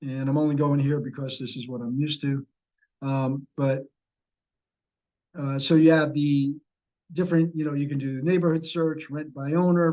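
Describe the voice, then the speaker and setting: A man's voice: on the high side, mellow, poor audio. A middle-aged man leading a sales training session over a video call, coaching and repeating key points. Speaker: real estate sales trainer.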